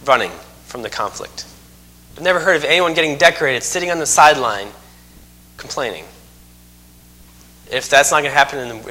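Male preacher, folksy, emphatic, bright edge. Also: medium pitch. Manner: folksy, joking asides, emphatic repetition. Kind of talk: sermon.

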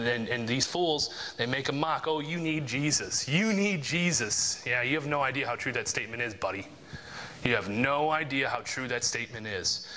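A man's voice: bright, forceful tone, big-room sound. A man preaching a casual, conversational sermon, often ending lines with "right?" and "you know?". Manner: mimics mockers and coworkers in a higher voice.

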